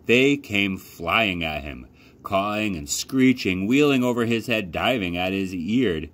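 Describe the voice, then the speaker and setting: A man from a library youth program reading a children's novel aloud as expressive storytelling. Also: measured pace. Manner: expressive storytelling with lively pitch. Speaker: library youth services coordinator. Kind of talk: children's book read-aloud.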